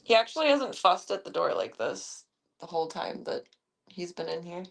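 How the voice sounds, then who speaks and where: Streaming casually from her workplace, a woman chats and coos baby talk at the animals in her care. Her voice is fairly low and creaky, animated, and moves at a moderate pace.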